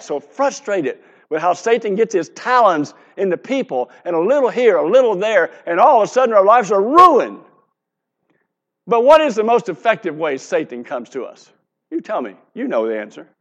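A man's voice: high voice, lo-fi sound. A man in his seventies preaching a sermon in an earnest, conversational way, asking the congregation questions.

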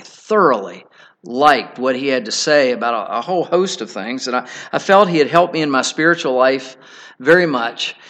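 A middle-aged man with a mid-range, fairly bright voice preaches a sermon. He tells a personal story earnestly but haltingly, restarting many times.

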